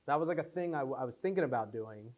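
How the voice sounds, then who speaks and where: A man's voice: medium pitch, fast. A young man answering audience questions after a film screening, telling stories with lots of fillers and restarts. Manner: rambling, animated storytelling with many fillers. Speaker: filmmaker at Q&A. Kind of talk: casual post-screening Q&A.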